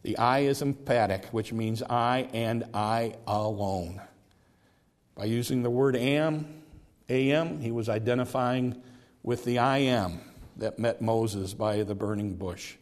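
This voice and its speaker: A man preaching a sermon, earnest, who repeats words as he builds a point and slows down to stress key phrases. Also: medium pitch.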